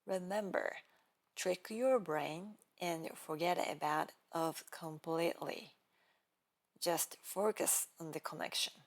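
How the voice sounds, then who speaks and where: A woman giving a scripted pronunciation lesson. She is calm and careful, sets out each step and repeats the practice phrases. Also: lowish voice, slow pace. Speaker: pronunciation teacher.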